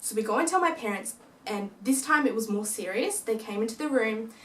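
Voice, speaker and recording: Speaking a little high and a little fast, a young woman recounts a ghostly encounter for her vlog in a casual way. She brings her family's quoted lines to life as she goes. The room echoes, and she's far from the microphone.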